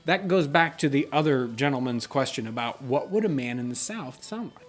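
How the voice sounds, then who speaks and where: A man's voice: medium pitch, lively intonation, brisk. A middle-aged man hosting a casual question-and-answer chat, explaining things earnestly and reading out viewer questions. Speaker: channel host.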